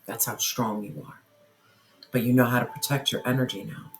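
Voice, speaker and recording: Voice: mid-range voice, fairly even intonation, normal speed, soft background music. A tarot reader giving an earnest reading straight to the listener, often repeating phrases and asking spirit questions aloud. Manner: asks spirit questions aloud while drawing cards. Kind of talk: tarot reading addressed to viewers.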